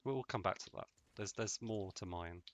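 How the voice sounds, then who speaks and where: A man's voice: lowish voice, normal speed, no echo. A man giving casual, rambling, jokey commentary while playing a video game on a close mic. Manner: rambling, jokey, deadpan asides. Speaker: let's play host.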